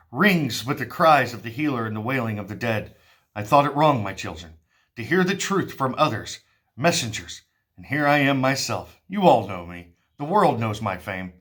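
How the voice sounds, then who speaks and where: A man's voice: medium pitch, lively intonation, moderate pace, a bit bright, lightly acted. A man voicing a proud king of ancient Thebes, declaiming his lines to his people. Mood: proud, concerned.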